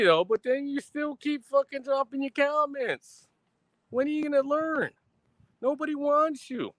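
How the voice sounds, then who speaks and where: Profane, defiant high-voiced male streamer. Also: dry recording. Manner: profane, defiant, mocking sarcasm. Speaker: live streamer. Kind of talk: ranting live stream monologue.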